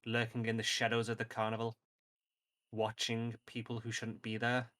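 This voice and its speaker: A man's voice: mid-range voice, completely flat delivery, normal speed, a bit bright, natural voice. A man voicing a secretive, defiant female kenku bird-person who talks in clipped, stiff phrases in a tabletop game.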